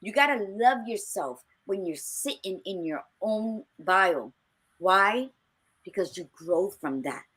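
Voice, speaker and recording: A woman's voice: mid-range voice, animated, slow pace, fairly bright tone, slightly rough. A woman co-hosting a casual talk podcast, telling personal stories in a candid, blunt and emphatic way. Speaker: podcast co-host. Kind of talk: casual chat.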